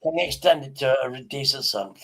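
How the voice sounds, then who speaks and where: Halting, repetitive male streamer. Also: medium pitch, animated, fairly bright tone, slight background noise, low-quality recording. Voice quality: halting, repeats words, swears casually. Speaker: livestream host. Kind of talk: casual live-stream chat.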